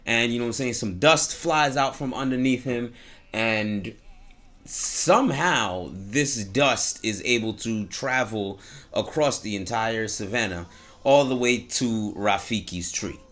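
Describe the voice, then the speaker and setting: A man's voice: mid-range voice, measured pace, fairly bright tone. A man casually retelling a story in slang, breaking off into preachy asides about hope. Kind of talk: casual storytelling with a moral message.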